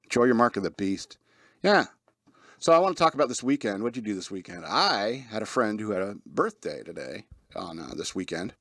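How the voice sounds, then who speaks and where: A man's voice: fairly low pitch, big pitch swings, brisk, fairly bright tone, no room sound, studio quality. A man hosting a casual radio talk show, rambling with frequent laughs and restarts. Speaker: host.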